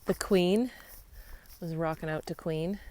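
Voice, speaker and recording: A woman with a fairly low, darkish voice takes her time as she chats into a handheld phone on a rural trail. She's a vlogger on a long-distance walk, upbeat and easygoing, laughing freely in this casual travel vlog.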